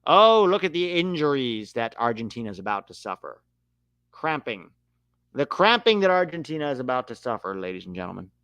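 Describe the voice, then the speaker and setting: A young man calling a match live for a watch-along, animated and quick to swear at the referee. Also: mid-range voice, clean tone, no echo. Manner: animated, swears when riled, calls the play.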